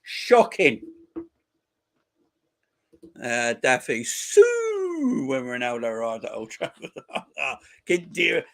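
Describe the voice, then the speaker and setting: A man's voice: mid-range voice, huge pitch swings, takes it slowly, creaky, pauses often. A man in his forties hosting a football channel, chatting casually with viewers on a live stream in crude, mocking banter. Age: 40s.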